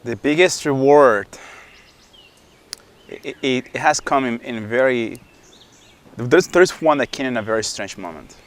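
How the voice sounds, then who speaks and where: A man answering interview questions candidly as a new father, halting and repeating words as he goes. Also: mid-range voice.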